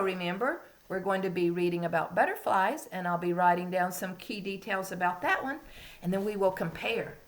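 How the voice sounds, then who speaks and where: A woman's voice: medium pitch, a bit bright, roomy sound. A woman, a kindergarten teacher leading a reading lesson and talking patiently in a sing-song way to small children.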